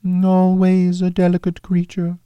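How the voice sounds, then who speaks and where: A man doing a high, wistful ghost. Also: monotone, a little slow, warm tone, clean tone, dry recording, lo-fi sound. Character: high, delicate ghost of the past.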